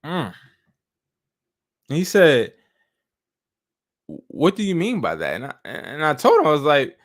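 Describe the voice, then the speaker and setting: Animated slangy man telling stories. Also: fairly high pitch, normal speed, gravelly, long pauses. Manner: loose, storytelling with slang and profanity. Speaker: host. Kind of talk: casual live-stream talk. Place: room, streaming live.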